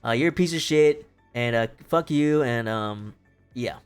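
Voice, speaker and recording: A man's voice: mid-range voice, measured pace, smooth, soft background music, natural voice. A man doing a swearing, hot-tempered Roman general. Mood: angry. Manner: profane, swearing, dismissive.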